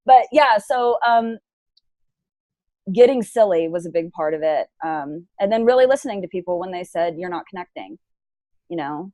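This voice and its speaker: A young adult woman speaking as an interview guest, frank and lively in casual chat. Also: on the low side, fairly quick, dry recording. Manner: frank and lively, plays devil's advocate.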